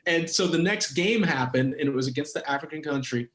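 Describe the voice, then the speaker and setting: A middle-aged man, a former pro footballer, telling a story as a podcast guest, animated and laughing often. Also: a little high, fairly quick. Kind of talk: casual storytelling. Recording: roomy echoey sound.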